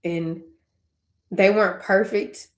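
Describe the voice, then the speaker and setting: A woman's voice: mid-range voice, steady tone, slow, reverberant. A young woman talking casually and tearfully in a personal faith vlog, wandering off on tangents and laughing between thoughts. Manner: conversational, tangent-prone, laughing through tears. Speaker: faith vlogger.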